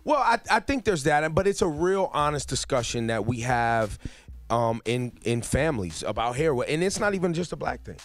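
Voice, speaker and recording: A man's voice: mid-range voice, moderate pace, faint music behind. A man hosting a radio morning show, teasing and joking in casual banter with a guest. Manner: playful, teasing, animated.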